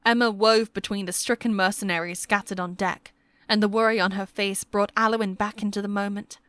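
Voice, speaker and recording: A woman narrating a historical fantasy romance audiobook with steady, measured storytelling. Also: mid-range voice, no room sound.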